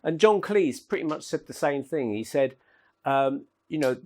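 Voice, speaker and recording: A man with a somewhat high voice gives a loose, anecdotal talk. He rambles from story to story and often laughs at his own jokes. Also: expressive, moderate pace, a little mellow. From England. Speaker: speaker at a paranormal talk. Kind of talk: informal lecture with anecdotes. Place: lecture room at an event.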